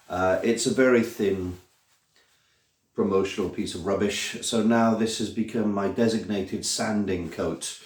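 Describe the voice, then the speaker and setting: A man's voice: on the low side, a little mellow. A middle-aged man with a British accent, chatting casually through a build vlog in a rambling, self-deprecating way, full of fillers and restarts. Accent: British English. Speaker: maker vlogger. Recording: roomy, mic at a distance.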